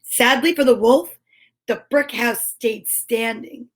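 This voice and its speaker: Woman reading a bedtime story real slow, high voice, jokey asides. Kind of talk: comic storybook narration.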